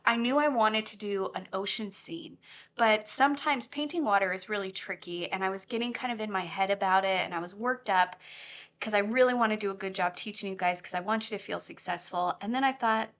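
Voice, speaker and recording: Bright, bubbly woman teaching watercolor. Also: medium pitch, fairly quick. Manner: bubbly, giggly and grateful. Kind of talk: friendly tutorial instruction.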